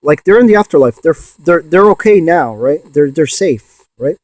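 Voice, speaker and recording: A man in a ghost box session vlog, excitedly calling out to spirits and swearing when he insists to viewers. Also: fairly high pitch, moderate pace, no room sound. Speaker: paranormal investigator.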